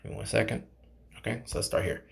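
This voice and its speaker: A man with a lowish, gravelly voice reads a story aloud in a loose, unpolished way. He trips over names, restarts sentences and keeps turning to his viewers to chat between passages. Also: steady tone. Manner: halting, stumbles over names, chats to viewers. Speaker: channel host reading a game novel aloud. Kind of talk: casual read-aloud with commentary.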